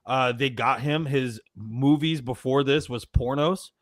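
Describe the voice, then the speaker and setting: A man's voice: medium pitch, a little slow. A man arguing on a panel show, in heated casual banter, swearing constantly and pressing his points hard. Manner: profane, emphatic, swears constantly.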